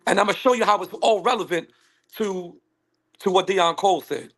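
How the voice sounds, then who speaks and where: A man speaking on a panel call, emphatic and animated, acting out what others say to him. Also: high voice, moderate pace. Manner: animated, emphatic, acts out quoted women. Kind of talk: casual panel discussion. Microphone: phone on a call.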